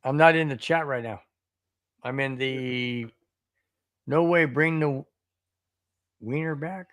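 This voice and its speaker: A man's voice: mid-range voice, slow pace, fairly bright tone, no room sound, clean studio sound. A man hosting a sports podcast in an earnest, casual way, often repeating and restarting his words. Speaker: podcast host. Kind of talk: casual live-stream chat.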